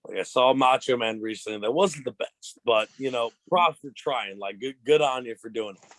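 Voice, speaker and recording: A man's voice: medium pitch, moderate pace, a bit bright, dry recording. A young adult man, a pro wrestler, chatting casually as an interview guest, laid-back and slangy with frequent restarts.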